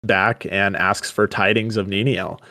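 A man with a fairly low voice co-hosts a casual podcast and retells a story in his own words. He drops into the characters' lines now and then. The sound is dry and close. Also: steady tone, a little slow, pushed and bright, dry recording. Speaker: podcast co-host. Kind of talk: casual book discussion and retelling.

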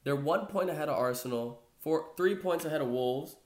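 A man's voice: a little high, normal speed. A man hosting a casual sports chat podcast, rambling loosely with lots of fillers and "bro.". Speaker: podcast host. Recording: echoey room.

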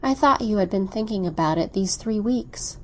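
A woman's voice: mid-range voice, lively intonation, moderate pace, a little mellow, a little hiss or hum, close to an everyday voice. Woman reading as an insistent young suitor. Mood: reasoning. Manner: insistent, reasoning. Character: ardent, persuasive young male suitor.

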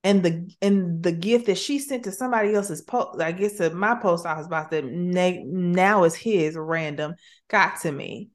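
Woman host, deep low voice, expressive chatty faith talk. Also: normal speed. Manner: warm, expressive, uses 'sis' and 'baby'. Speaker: podcast host, therapist. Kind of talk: casual faith chat.

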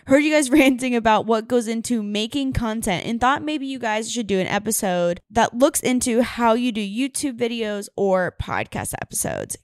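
A woman's voice: mid-range voice, dry recording, clean studio sound. Giggly young woman podcast host. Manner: chatty, giggly, lots of "like". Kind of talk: casual podcast chat.

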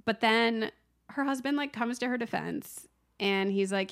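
Woman podcast co-host with a gravelly edge who tells the plot with animated energy and acts out the quotes. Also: a little high, moderate pace. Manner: animated storytelling, acts out the film's lines. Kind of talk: casual movie recap chat.

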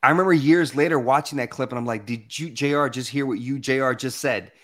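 A man's voice: mid-range voice, brisk, fairly bright tone. A man from the Southern United States, speaking as a guest in a conversational, motivational storytelling talk. He acts out the voices he quotes.

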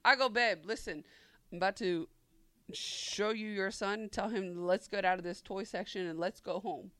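A woman in casual podcast chat, telling animated stories, acting out quotes and laughing often. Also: mid-range voice, moderate pace.

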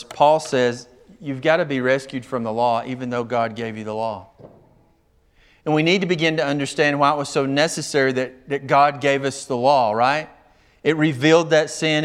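A man's voice: mid-range voice, moderate pace. A man preaching a sermon as pastor, emphatic, reading scripture verses aloud and explaining them. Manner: emphatic, rising and falling in volume.

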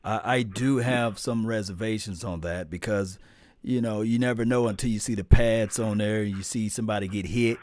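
A man hosts a casual sports call-in podcast in a relaxed, easygoing way. He laughs often and gets loud and animated whenever he jokes around. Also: fairly low pitch, moderate pace. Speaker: podcast host.

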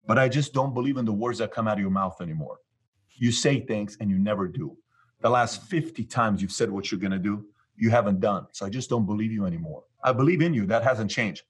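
A man's voice: on the low side, breathy edge. A man from Iran, a guest in an interview, telling stories and acting out both sides of past conversations. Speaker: guest, business leader. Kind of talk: storytelling in an interview.

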